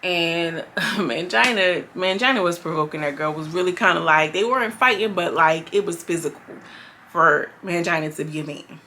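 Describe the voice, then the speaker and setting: Bright-voiced woman giving blunt recap commentary. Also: on the low side, normal speed, a little hiss or hum. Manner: blunt, profane, exasperated. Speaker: reality show recap vlogger. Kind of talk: casual commentary.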